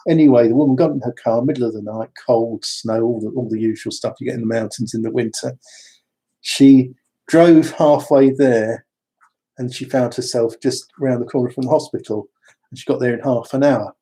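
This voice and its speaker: A man's voice: medium pitch, normal speed, warm tone, slightly rough. A man giving a rambling, conversational spiritual talk full of asides. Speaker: spiritual speaker.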